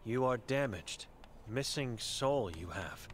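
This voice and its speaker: A man's voice: mid-range voice, lively intonation, takes it slowly, a little hiss or hum. A man reading the chalkboard words of an old blind, mute woman in a game, in terse, broken phrases. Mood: grim.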